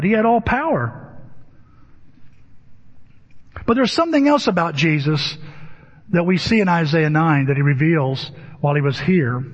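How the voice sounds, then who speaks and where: Male pastor, sermon, husky high voice, long church reverb, muffled lo-fi sound. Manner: emphatic preaching with rhetorical questions. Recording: dull lo-fi with long hall reverb.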